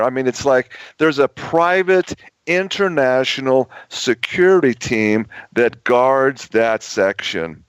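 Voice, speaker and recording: Male radio guest, storytelling, halting and repetitive; dry, muffled lo-fi audio. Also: mid-range voice, expressive, clear, resonant tone, no room sound. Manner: rambling, many restarts and repetitions. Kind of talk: radio talk show storytelling.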